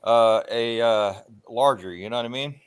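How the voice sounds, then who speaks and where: A man's voice: mid-range voice, smooth. A man chats loosely with his viewers on a livestream. He rambles from one topic to the next, stops often for ums and uhs, and swears without a second thought. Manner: rambling, swears freely, frequent filler pauses. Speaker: livestream host. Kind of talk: casual livestream chat.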